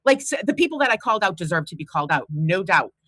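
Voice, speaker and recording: A woman's voice: fairly low pitch, very animated, quick pace, fairly bright tone, slightly rough, no echo, poor audio. A woman, chatting bluntly and telling stories as a show host. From Boston. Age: 50s. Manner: chatty storyteller, blunt and profane. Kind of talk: casual chat on a livestream.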